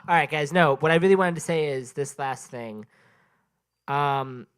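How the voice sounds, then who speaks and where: A man's voice: fairly high pitch, a little slow, clear, resonant tone. A man doing a stand-up set at an open mic in a small venue, sleep-deprived and rambling, breaking off to chat with the crowd. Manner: rambling, self-interrupting, chatting with the crowd.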